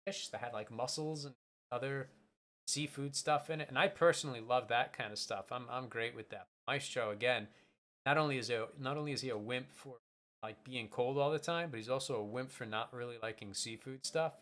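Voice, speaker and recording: A man's voice: mid-range voice, a little fast, a bit bright. A man streaming, chatting casually and telling a rambling story with many restarts. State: voice changed by a bite on the throat.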